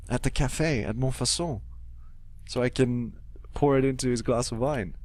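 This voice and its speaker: A man's voice: medium pitch, a little slow, darkish tone, faint music behind. A young man casually commentating a game, joking, swearing and muttering to himself. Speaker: let's play host.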